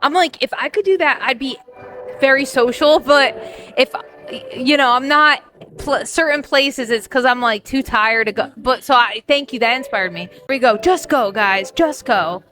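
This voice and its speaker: A high-voiced woman chatting casually while hosting a board game playtest. She is encouraging and a little rambling. Soft music sits faintly behind her. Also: normal speed. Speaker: host. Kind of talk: casual chat at game night.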